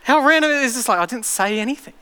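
A man preaches to a congregation, his voice high and bright with a smooth, clear ring. He tells stories with lively energy and slips into acted voices. The sound carries a long hall reverb with faint music behind. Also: fast. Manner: animated storytelling, acting out voices. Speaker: pastor. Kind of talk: sermon.

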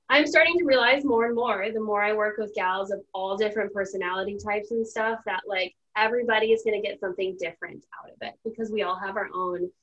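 A woman's voice: mid-range voice, fairly bright tone, highs cut off. A young woman hosting a casual podcast chat as a mindset coach, talking in a chatty, emotional way full of "like". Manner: chatty, heavy use of "like", emotional.

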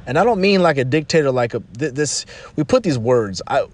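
A man's voice: mid-range voice, animated, a little fast. A man talking through casual advice in a loose, rambling way, often adding "you know" and restarting his sentences.

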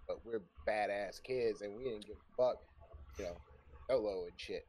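A young adult man telling a story in a casual chat, swearing freely, animated, and often breaking into laughter. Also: on the low side, a little slow, long pauses, slight background noise. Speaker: podcast guest telling a story.

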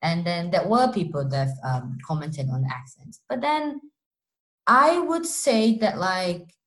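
A young woman from Brazil with a Brazilian Portuguese accent and a deep voice, chatting casually with lots of fillers and restarts. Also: lively intonation, measured pace, fairly bright tone, poor audio. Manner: talks with many fillers and restarts. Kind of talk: casual chat.

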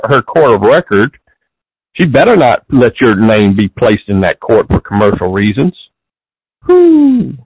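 Man, interview guest: husky, middle-pitched voice, dry dull lo-fi sound, rambling and restarting. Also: dry recording. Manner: rambling, restarts sentences often. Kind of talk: casual interview talk.

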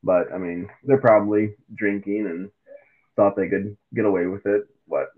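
A man co-hosting a casual sports chat, animated and acting out quotes in silly voices. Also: on the low side, normal speed. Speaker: podcast co-host. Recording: tinny phone-like mic.

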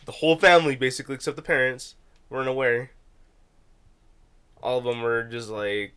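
A young man co-hosting a podcast who talks in a relaxed, slangy way, full of "like" and "dude.". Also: medium pitch, fairly quick, clean tone. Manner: laid-back, slangy, fills with "like" and "dude". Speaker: podcast co-host. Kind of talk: casual chat.

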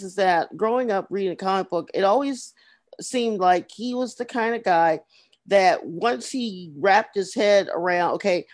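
A woman's voice: fairly low pitch, a little mellow. Emphatic woman podcast co-host. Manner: earnest, emphatic, repeats words. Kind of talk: casual chat.

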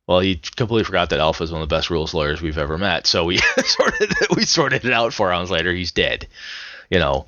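A man's voice: deep voice, big pitch swings, fairly quick, bright, forceful tone, dry recording, lo-fi sound. A man co-hosting a casual podcast chat, telling a rambling story with many restarts and the odd swear word. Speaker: podcast co-host. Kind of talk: casual chat about tabletop gaming.

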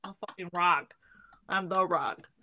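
A woman's voice: lowish voice, steady tone, a little slow, sharp tone, lo-fi sound. A young woman co-hosting a casual chat, self-deprecating and swearing casually. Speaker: podcast co-host.

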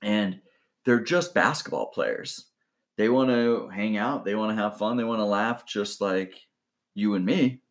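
A man's voice: lowish voice, a little slow. A man co-hosting a podcast, chatting casually and chiming in with short agreements before taking over to tell his own story. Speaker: podcast co-host, former team entertainment staff. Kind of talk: casual chat.

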